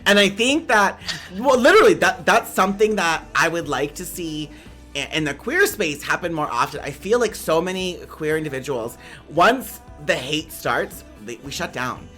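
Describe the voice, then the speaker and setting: A man from Canada hosting a stream interview, telling stories in an animated, campy way with a lot of likes. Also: fairly high pitch, moderate pace, soft background music. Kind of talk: casual chat.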